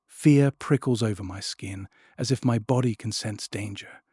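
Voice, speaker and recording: Storybook narrator: man, low and husky, expressive first-person reading. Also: normal speed, no echo, clean studio sound. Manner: expressive, dropping to a hush at tense moments. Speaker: audiobook narrator.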